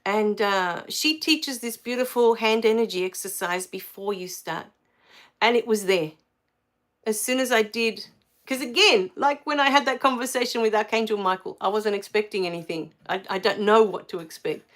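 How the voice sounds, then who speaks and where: A middle-aged Australian woman hosting a spiritual livestream, telling a personal story in a warm, effusive way that rises to excited exclamations. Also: medium pitch, moderate pace.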